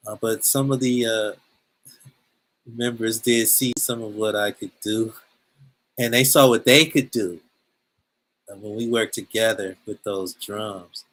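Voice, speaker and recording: Bright-voiced man telling a story. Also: fairly low pitch, measured pace, pauses often, low-quality recording. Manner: lively storyteller, acts out quotes. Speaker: presenter, drummer. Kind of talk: animated storytelling at an info session. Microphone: video call.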